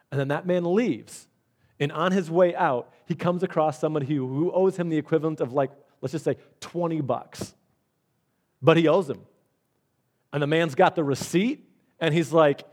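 Man, pastor, conversational sermon, slightly high voice. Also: normal speed, darkish tone. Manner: conversational preaching with repeated words and demonstrations.

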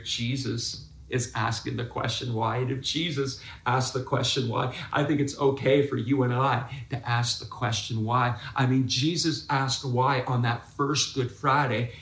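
A man's voice: mid-range voice, a bit bright. Emphatic preaching man in an echoey room. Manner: emphatic, drawn-out pauses, repeats words for stress. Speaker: pastor. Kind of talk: sermon.

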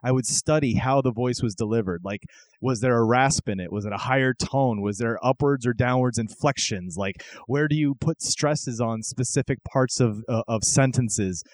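A man's voice: medium pitch, moderate pace, dry recording. A man hosting a casual chat, talking in a reflective, rambling way with frequent restarts. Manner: chatty, reflective, lots of restarts.

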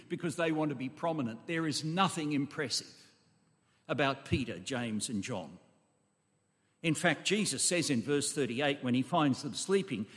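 A long echo from a large hall fills this recording of a man's expository sermon. He's emphatic and expressive, with a mid-range voice and moderate pace, and he leans on rhetorical questions and side remarks to his listeners.

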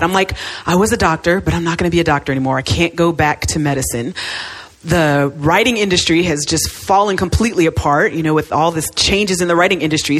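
A middle-aged woman giving a personal testimony message, telling her story with animated, self-mocking energy. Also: husky. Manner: animated storytelling, swings into high excited self-mockery. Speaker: speaker.

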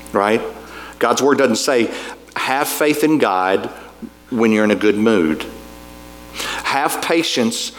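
A man preaching a sermon in a folksy, conversational way, full of asides to the congregation. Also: medium pitch. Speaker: pastor.

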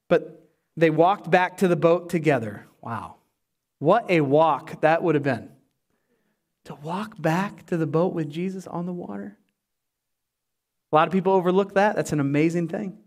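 Male pastor, higher-pitched voice, lively preaching style that plays out the scenes. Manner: animated preaching, voices Bible characters. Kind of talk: sermon.

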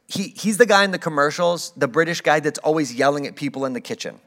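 A man's voice: on the high side, lively intonation, fast, fairly bright tone. A man preaching a sermon in a casual, conversational way, with playful acted asides. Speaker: pastor.

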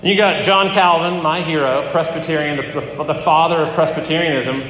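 A pastor giving a conversational sermon, often pausing with fillers and restarting his phrases. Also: a little high, steady tone, a bit bright, a little hiss or hum. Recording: echoey hall with long reverb.

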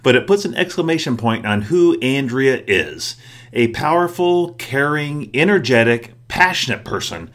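A male podcast host with a lively, up-and-down pitch, talking in an easygoing way. He sounds reflective and encouraging, in a relaxed, conversational style. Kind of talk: casual chat and closing monologue.

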